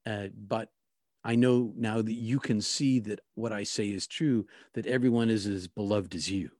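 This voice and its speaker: A man recounting a personal experience in a reflective, halting way, often restarting his sentences. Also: on the low side, fairly even intonation, darkish tone, no echo, clean studio sound. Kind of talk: personal testimony.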